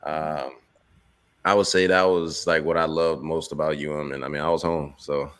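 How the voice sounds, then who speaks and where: A man, a former player, talking in a relaxed, casual way with many fillers over a video call. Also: very deep voice, moderate pace. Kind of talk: casual chat.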